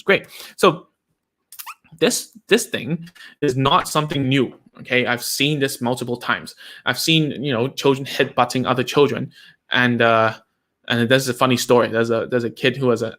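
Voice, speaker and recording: A man's voice: mid-range voice, a bit bright. Chatty man giving casual advice. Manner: chatty, uses many fillers like "like" and "right?". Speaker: speech therapist host answering viewer questions.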